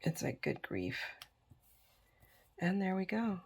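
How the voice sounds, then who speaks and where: Slow, sing-song and husky, her fairly low voice has a creaky, darkish tone. She's a middle-aged woman chatting casually through a crafting video as she works, sounding tired and yawning.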